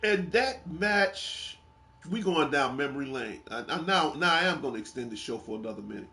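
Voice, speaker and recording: A man's voice: a little high, normal speed. A man hosting a casual gaming chat, telling wrestling game stories with lots of laughing and swearing. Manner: animated storytelling, laughing, swearing freely. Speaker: gaming show host.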